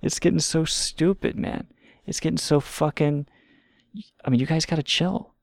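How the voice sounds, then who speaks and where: A man with a heavily gravelly, fry-laden voice rants and riffs sarcastically, swearing freely as he rambles. The sound is close and dry, with no room behind him. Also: fairly high pitch, fairly even intonation, moderate pace, dry recording. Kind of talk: casual comedic rant.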